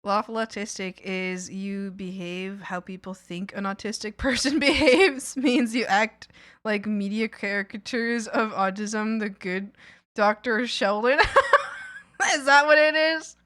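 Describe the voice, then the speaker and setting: A woman streamer in casual chat, rambling and chatty, laughing often and sometimes bursting into mock shouting. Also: medium pitch, slow.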